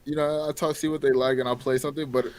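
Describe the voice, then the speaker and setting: A man's voice: medium pitch, little pitch movement, fast. A man co-hosting a casual live stream, teasing and laughing at his own jokes. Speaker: co-host.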